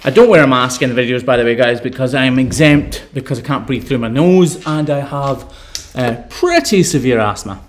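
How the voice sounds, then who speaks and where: A man's voice: medium pitch, normal speed, a little hiss or hum. A Scottish man hosting a live stream, reading out viewer questions and answering them in an upbeat, chatty way. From Scotland.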